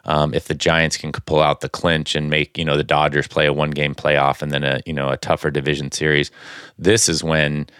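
A man with a very low, smooth voice co-hosts a sports podcast. He talks casually and rambles, circling back with fillers and restarts. The sound is dry and close. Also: little pitch movement, a little fast, fairly bright tone, no echo.

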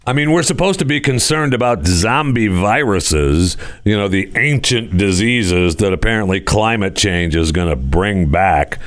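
A man's voice: on the low side, expressive, a little slow, few pauses. A man hosting a casual talk show, rambling through odd news stories with sarcastic asides and frequent chuckles. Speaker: podcast host.

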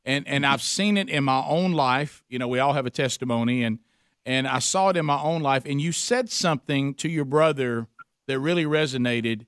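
A man's voice: medium pitch, normal speed, a bit bright, smooth, dry recording. Engaged male interviewer, dry close sound. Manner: engaged, interjects to restate and dig into the story. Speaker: interviewer involved in men's ministry. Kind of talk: conversational interview.

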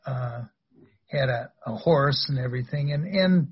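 Older male guest, very husky voice, rambling storyteller, dull lo-fi recording. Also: mid-range voice, a little slow. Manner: rambling, anecdotal, laughs through stories. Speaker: guest, former wrestler. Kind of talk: casual storytelling interview.

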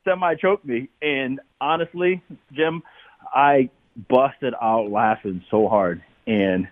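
A man, a former football player, talking as a guest in a casual interview, telling animated stories and laughing often. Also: medium pitch, slow pace, no room sound, narrow, tinny audio.

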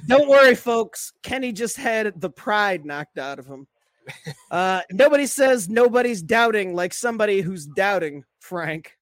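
High-voiced man in casual sports chat. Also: a little slow, no room sound. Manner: animated, profane, laughs a lot. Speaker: podcast co-host.

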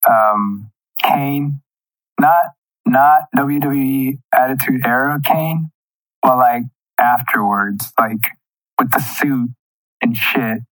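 A young man in casual podcast talk, ranting and swearing freely. His voice sits in a middling pitch range for a man, recorded dry with no room sound. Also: takes it slowly, no echo, poor audio. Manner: profane, ranting, animated. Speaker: podcast co-host. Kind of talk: casual chat.

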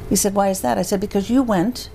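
A woman guest telling personal stories in a relaxed interview, animated and acting out the voices of the people she quotes. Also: mid-range voice, fast, gravelly. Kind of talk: conversational storytelling. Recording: faint background noise.

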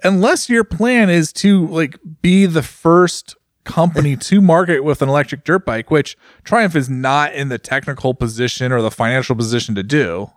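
A young man co-hosting a casual podcast chat, animated and rambling, filling his speech with "like". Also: on the high side, moderate pace, hardly any pauses, dry recording, studio quality. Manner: animated, rambling, heavy use of "like". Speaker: podcast co-host.

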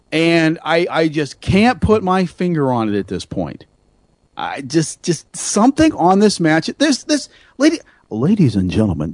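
A man hosting an internet radio talk show, talking in an animated, rambling way with many restarts and self-mocking asides. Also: fairly high pitch, no echo. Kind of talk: casual radio chat.

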